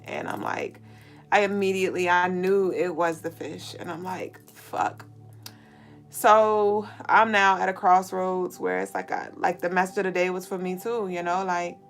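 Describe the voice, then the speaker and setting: A woman's voice: on the low side, vocal fry. A woman hosting a spiritual show, talking casually and candidly to viewers, swearing freely while holding back tears. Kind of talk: casual venting monologue to viewers.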